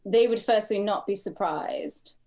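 A woman's voice: mid-range voice, measured pace, creaky, darkish tone. A woman from northern England co-hosting a podcast, brash and playful, swearing freely. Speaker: podcast co-host. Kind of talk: casual podcast banter.

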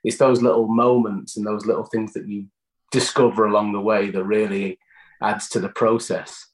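A British man talks through his acting process in an easy, conversational way. He circles his points with false starts and doubled words as he thinks. The sound is roomy, with a clear echo. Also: on the low side, level tone, moderate pace. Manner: thoughtful, stumbling restarts and repeated words. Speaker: actor guest. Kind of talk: conversational interview answers.

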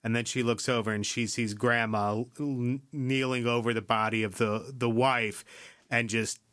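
A man's voice: mid-range voice, steady tone, moderate pace, a bit bright, dry recording, clean studio sound. A man hosting a podcast, retelling a story in a loose, chatty way, cursing freely, asking "right?" often and skipping ahead with "yada, yada". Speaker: podcast host. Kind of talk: casual chat, episode recap.

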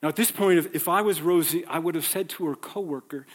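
A man's voice: fairly high pitch, fast talker, slight background noise. A man from New York preaching a sermon, telling stories conversationally and acting out the people in them. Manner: conversational, acts out dialogue in stories. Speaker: pastor. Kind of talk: sermon with personal storytelling. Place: church sanctuary. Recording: long hall reverb.

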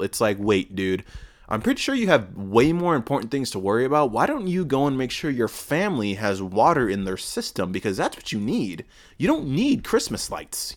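Male podcast host, solo rambling, sarcastic profane rants, very animated pitch. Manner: profane, sarcastic ranting with frequent restarts.

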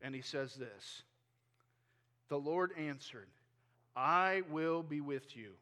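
A male pastor preaching a sermon, retelling a scripture story in lively, casual words. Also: a little high, slow pace. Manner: animated storytelling, paraphrasing scripture in casual speech. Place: church.

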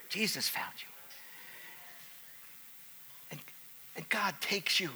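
A man preaching a sermon, telling a story and building to loud, fervent preaching. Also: high-pitched.

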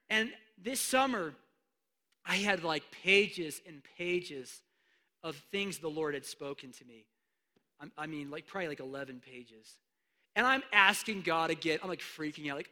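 A man preaching a sermon, animated, swinging between hushed asides and loud emphatic declarations. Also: a little high, moderate pace. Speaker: pastor.

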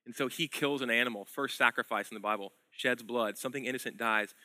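A man preaching a sermon as pastor, telling a story in a conversational way and swinging between loud emphasis and hushed lines. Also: mid-range voice, fast, no room sound.

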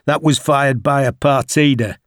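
A man's voice: medium pitch, fairly even intonation, normal speed, dry recording, clean studio sound, natural voice. A man voicing a tough, irritable veteran army major in an audiobook, speaking curtly and dismissively. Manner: curt, clipped and irritable.

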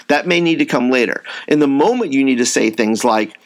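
A man's voice: medium pitch, expressive, a little fast, hardly any pauses. Chatty man coaching youth workers. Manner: conversational, acts out example dialogue, many fillers and restarts. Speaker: youth ministry trainer. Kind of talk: informal teaching talk.

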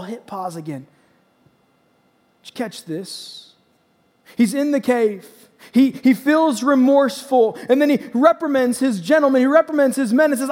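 A man preaching a sermon, acting out scripture passages with rising intensity and emphatic repetition. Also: very high-pitched. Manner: dramatic scripture reading, rising to shouts. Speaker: pastor. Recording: long hall reverb.

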